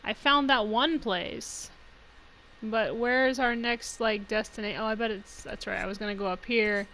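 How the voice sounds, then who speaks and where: Lady gamer chatting thru a let's play, jokey, laughs a lot, highish voice. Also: fairly even intonation, a little slow, pushed and bright, slight background noise, poor audio. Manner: chatty, jokey, talks to viewers, laughs often. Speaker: gaming channel host.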